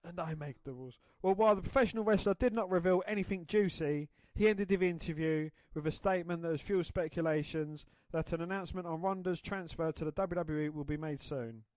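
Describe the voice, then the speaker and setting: Eager higher-voiced male co-host. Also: steady tone, fast, few pauses, darkish tone, dry recording. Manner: eager, opinionated, says mate. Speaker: podcast co-host. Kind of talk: casual chat and news reading.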